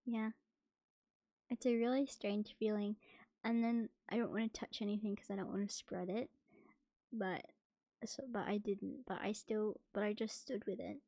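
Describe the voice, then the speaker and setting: A young woman chatting casually on a stream, soft and hesitant, with many fillers. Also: medium pitch, fairly even intonation, normal speed, vocal fry, no room sound. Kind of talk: casual chat.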